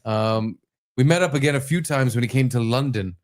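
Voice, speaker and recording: A man in the middle of his pitch range, co-hosting a loose podcast. He talks casually and crudely, often slipping into mocking put-on voices as he reads messages aloud. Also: fairly quick. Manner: crude, joking. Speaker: podcast co-host.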